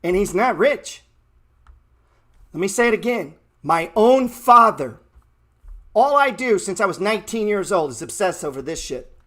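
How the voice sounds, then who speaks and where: A man's voice: high-pitched, expressive, normal speed, fairly bright tone. A man in his thirties hosting a trading show, giving a blunt, mocking, profane motivational rant. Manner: blunt, brash and mocking, heavy swearing.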